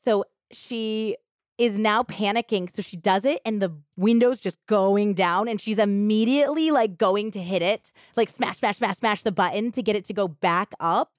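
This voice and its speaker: A woman co-hosting a podcast, retelling a true crime story in animated, casual chat and filling it with "like" and quoted voices. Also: medium pitch, normal speed, no echo, studio quality. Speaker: podcast co-host.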